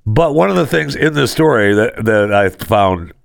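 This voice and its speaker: A man's voice: on the low side, animated, moderate pace, gravelly, dry recording, clean studio sound. A man hosting a sarcastic news commentary show, talking with mocking, sardonic asides. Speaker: host.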